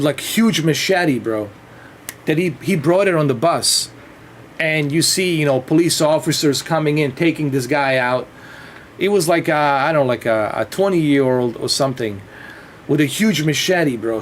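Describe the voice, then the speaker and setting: A man's voice: a little high, animated, a little slow, slight background noise. Rambling, cursing man on a livestream. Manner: rambling and profane, with frequent restarts and laughs. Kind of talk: casual rambling chat.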